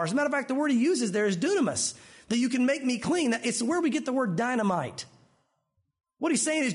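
A man preaching a sermon as pastor, animated, acting out the voices of Bible figures. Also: extremely high pitch, a little fast, husky.

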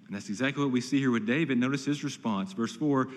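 A man's voice: mid-range voice, fast talker, hardly any pauses, in a large hall. A pastor preaching an earnest, emphatic sermon, often repeating words as he builds a point.

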